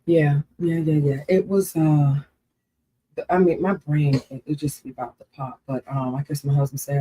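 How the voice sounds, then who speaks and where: A woman's voice: deep voice, fairly even intonation, moderate pace, mellow, slightly rough, rough recording. A woman co-hosting a casual livestream chat, earnest and repeating herself for emphasis. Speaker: co-host.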